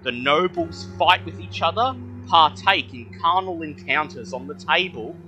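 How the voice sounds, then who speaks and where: Bright-voiced man narrating as game master. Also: on the high side, expressive, faint music behind. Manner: descriptive, unhurried narration.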